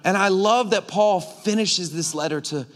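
A man's voice: high voice, normal speed. A man preaching a conversational sermon as pastor, emphatic and full of repetitions. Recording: long hall reverb.

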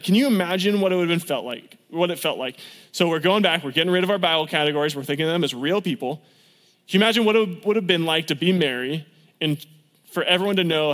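A man's voice: sits high, fairly bright tone. A young adult man preaching a casual storytelling sermon as a youth pastor, upbeat and conversational, acting out quotes from his stories. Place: church sanctuary. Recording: church hall reverb.

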